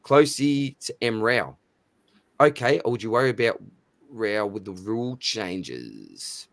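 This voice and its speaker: A man's voice: fairly low pitch, expressive, takes it slowly, no room sound. A man with an Australian accent hosting a live stream in casual chat, matey and chatty as he reads out viewer names. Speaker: livestream host.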